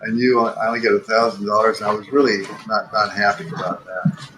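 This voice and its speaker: Older man, low voice, rambling. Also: steady tone, a little fast, noisy background. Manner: rambling, many fillers and restarts. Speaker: podcast guest, animator. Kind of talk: casual storytelling.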